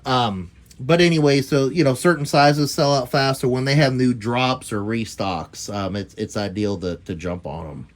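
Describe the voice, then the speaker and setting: A man's voice: medium pitch, moderate pace. A middle-aged man hosting a casual product review video, rambling with frequent ums and uhs and restarts. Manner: rambling, filler-heavy with frequent um and uh. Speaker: YouTube host reviewing merchandise.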